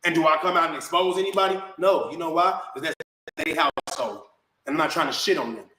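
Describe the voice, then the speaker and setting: A man's voice: fairly high pitch, fast, pushed and bright, a little hiss or hum. A man in a heated, confrontational rant to camera, answering his critics in slangy talk and calling people "bro" again and again. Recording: echoey room.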